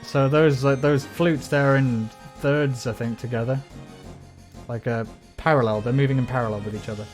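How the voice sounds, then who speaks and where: Steady in tone and mid-range, a man talks at a normal speed while streaming a game and explaining music. In this casual livestream chat he covers music theory, hums and sings melodies, and curses often when frustrated.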